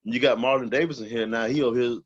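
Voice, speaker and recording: Male co-host, mid-pitched, blunt and profane, recorded dull and dry. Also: steady tone, very fast, breathy edge. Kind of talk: casual sports talk.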